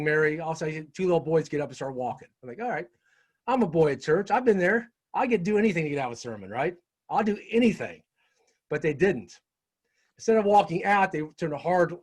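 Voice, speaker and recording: A middle-aged man telling a personal story in casual conversation as an interview guest, animated and peppering his talk with "right?". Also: fairly high pitch. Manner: animated storyteller, frequent "right?" tag questions.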